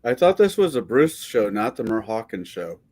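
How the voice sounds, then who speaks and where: Male guest, lively pitch, profane storyteller, casual chat. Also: normal speed. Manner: animated storyteller, swears a lot.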